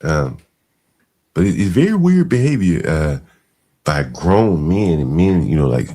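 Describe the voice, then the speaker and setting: A man's voice: rumbling low, animated, unhurried, warm tone. A man giving live stream commentary, mocking and incredulous as he reacts to clips.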